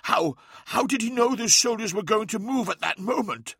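A frightened young man, pitched far up and trembling with awe, as a male narrator puts him on. His voice is bright, strained and breathless, recorded close and dry like an audiobook. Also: normal speed, gravelly, husky, dry recording, exaggerated voice. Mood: horrified. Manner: shaky, breathless, awed. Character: terrified young male human neophyte.

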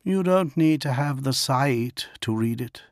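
A man's voice: mid-range voice, lively intonation, a little slow, no room sound, studio quality. A man voicing a blunt, disdainful female bodyguard who mutters scornfully.

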